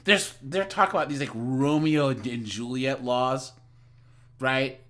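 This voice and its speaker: A man's voice: medium pitch, measured pace. A man giving chatty livestream commentary as he reacts to a video, often calling out to his viewers. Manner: animated, chatty, addresses viewers as guys.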